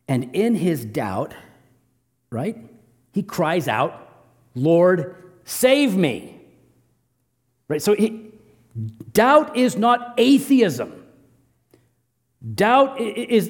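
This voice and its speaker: A man preaching a sermon as pastor, swinging between loud emphatic bursts and soft low asides. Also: big-room sound.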